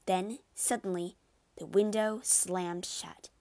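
A woman narrating a classic story in a measured, expressive storybook reading. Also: medium pitch.

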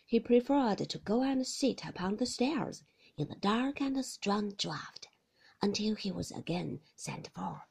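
A woman narrating a classic novel as an audiobook, in a hushed delivery that often drops to a breathy whisper. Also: mid-range voice, expressive, unhurried. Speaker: audiobook reader.

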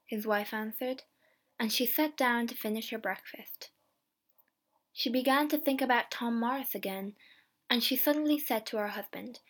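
Woman narrating a storybook, slow and clear, kinda high voice. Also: a bit bright. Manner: slow, clear, simple reading. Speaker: reader.

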